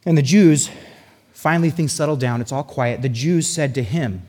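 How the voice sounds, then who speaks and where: A husky-voiced man preaches a sermon with animated, sarcastic storytelling and a playful edge. His voice rings out with a long reverb through a large hall. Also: mid-range voice, moderate pace. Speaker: pastor.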